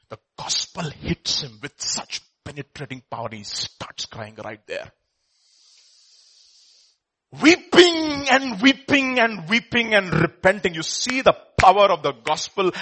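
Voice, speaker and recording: A man preaching a sermon, telling a story and acting out its voices, swinging from loud to hushed. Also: high voice.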